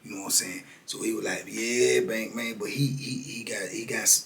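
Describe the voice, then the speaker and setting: An older man from the United States telling a story in a casual, animated way, acting out the dialogue with street slang. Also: lowish voice, moderate pace, gravelly, a little hiss or hum. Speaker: storyteller sharing prison experiences.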